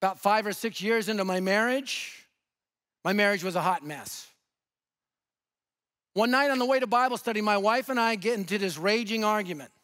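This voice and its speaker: High-voiced, animated preacher man. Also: moderate pace, pauses often. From Denver, USA. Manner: animated, humorous storytelling with sudden swings between loud and soft. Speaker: guest preacher and evangelist. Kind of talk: sermon with storytelling.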